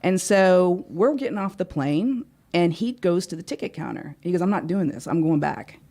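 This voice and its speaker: Lowish-voiced woman telling a story. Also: normal speed. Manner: animated storyteller, acts out dialogue. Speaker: guest speaker and life coach. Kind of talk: storytelling in an interview. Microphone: studio microphone.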